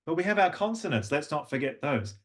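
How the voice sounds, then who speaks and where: A man's voice: a little high, big pitch swings, fairly quick. A middle-aged man with a slight Australian accent, teaching a voice workshop as a coach and breaking into sung and spoken demonstrations. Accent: neutral, slight Australian. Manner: demonstrative, warm teacher who sings examples. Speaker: voice and language coach.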